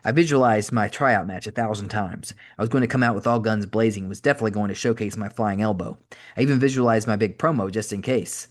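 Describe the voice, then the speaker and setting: A man narrating an audiobook in a brisk, wry first-person reading. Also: lowish voice. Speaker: podcast host reading an audiobook.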